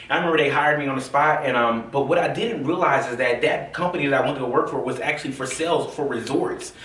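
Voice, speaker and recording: A man from the American South telling his own story in a casual, animated way, full of fillers and acted-out quotes. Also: medium pitch, fast. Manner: animated, acts out quoted voices, many fillers. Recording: roomy, from a distance.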